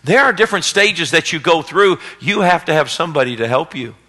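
A man preaching a sermon as pastor, swinging between loud exhortation and hushed storytelling. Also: on the high side, lively intonation, fairly quick. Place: church sanctuary, live service. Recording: long reverb of a church hall.

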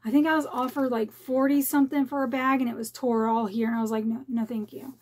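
A middle-aged woman chatting excitedly at home as she unboxes a collectible bag, gasping and gushing. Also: sits high, fast talker. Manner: gushing, gasping, repeats "oh my" exclamations. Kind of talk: excited unboxing vlog chat. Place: home, dogs barking nearby.

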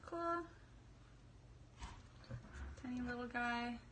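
A young woman chats through an unboxing in a bubbly, self-deprecating way, leaning on fillers as she goes. She talks at an unhurried pace. A faint hiss sits under her voice. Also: a little high, fairly bright tone. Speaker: vlogger. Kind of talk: casual unboxing vlog.

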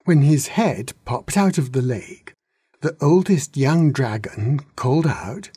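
A man reading a children's story aloud in an unhurried, gentle way. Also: medium pitch, lively intonation, slightly rough, no echo, clean studio sound. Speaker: narrator.

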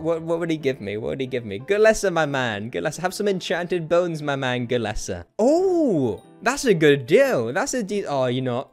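A young man streaming a game, commenting live in an excitable, jokey way and often breaking into laughter and yelps. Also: on the high side. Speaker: gaming streamer.

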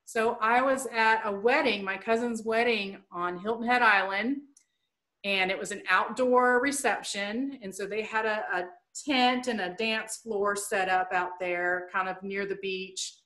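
A woman's voice: mid-range voice, steady tone, measured pace, bright, forceful tone. A woman educator giving an online presentation, explaining things plainly and chattily with playful asides.

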